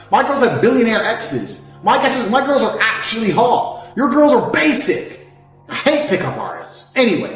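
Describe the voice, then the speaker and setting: A man in his thirties giving a brash, profane monologue, boasting and swinging from loud outbursts down to low mutters. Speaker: self-improvement speaker. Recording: echoey room with faint music.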